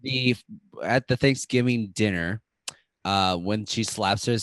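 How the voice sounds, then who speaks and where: A man's voice: lowish voice, takes it slowly, fairly bright tone, no echo. A man co-hosting a podcast in casual comedic chat, joking around and talking through a movie. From Staten Island, New York. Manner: jokey, plays up a tough-guy New York bit. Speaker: podcast co-host.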